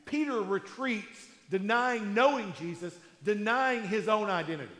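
A man preaching a sermon in a conversational storytelling way, with emphatic pauses, in a large hall. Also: high voice, fairly bright tone. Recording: echoey hall with long reverb.

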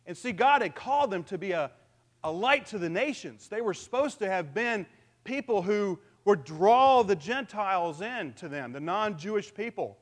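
A man's voice: sits high, lively intonation, moderate pace. A man pastor giving a conversational sermon, asking the congregation questions and using humor.

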